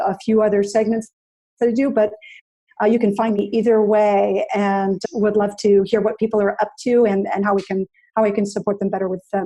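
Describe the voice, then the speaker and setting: A woman's voice: medium pitch, dark tone. A woman in her fifties, a podcast guest, talking in a thoughtful, casual way and often restarting her phrases. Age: 50s. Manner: thoughtful, restarts phrases, spells things out slowly. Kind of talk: casual interview chat.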